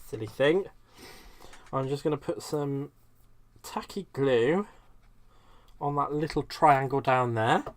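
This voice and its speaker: A man's voice: medium pitch, slow pace, long pauses. A man hosting a live crafting stream, chatting casually and laughing at himself as he works. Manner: chatty, self-mocking, laughs often.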